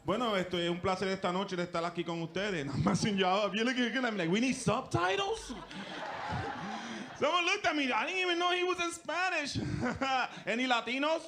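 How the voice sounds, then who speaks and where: New comedian guy, really high voice, loud and punchy, shouting his punchlines on a club stage. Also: lively intonation, moderate pace, a crowd in the background. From the Bronx, New York. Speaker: stand-up comedian. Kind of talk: stand-up set.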